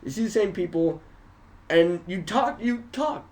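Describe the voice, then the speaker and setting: A man, a comedian guest, telling animated, profane stories in a casual studio podcast chat. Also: high-pitched, a little slow. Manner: animated storyteller, swears often.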